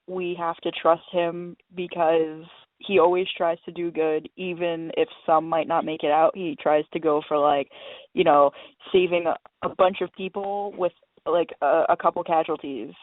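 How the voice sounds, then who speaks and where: A man co-hosts a casual podcast and speaks hesitantly, with many fillers. His voice sits high. The recording is dry and thin, like a phone line. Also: fairly even intonation, moderate pace, no echo. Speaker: podcast co-host. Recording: dry, phone-like narrow sound.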